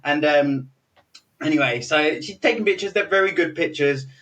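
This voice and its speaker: A young British man, a podcast host, telling an animated story in casual chat, laughing often and restarting his sentences. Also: on the high side, normal speed, far from the mic. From Britain.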